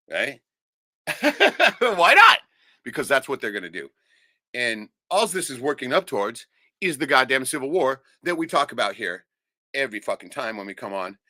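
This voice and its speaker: A man's voice: mid-range voice, pushed and bright, no room sound, studio quality. Heated, profane man ranting on a livestream. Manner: heated, profane, swears constantly. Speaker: livestream host. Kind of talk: angry ranting monologue.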